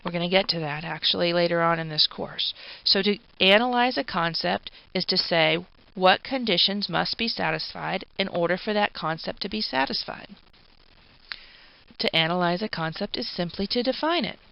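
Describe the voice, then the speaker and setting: A woman's voice: on the low side, normal speed, creaky. A woman giving a recorded philosophy lecture, explaining patiently with informal asides. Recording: dull, dry lo-fi recording.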